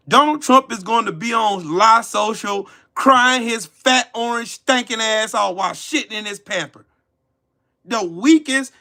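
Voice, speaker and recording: A man's voice: extremely high pitch, sharp tone. A man hosting a live stream, delivering a fiery, profane and mocking commentary rant.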